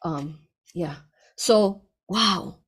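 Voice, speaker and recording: A woman author talking casually to her audience, excitable and full of fillers and restarts, jumping between loud outbursts and hushed asides. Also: lowish voice, very slow, breathy edge. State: tearful at moments. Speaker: author answering readers' questions. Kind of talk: casual unscripted monologue.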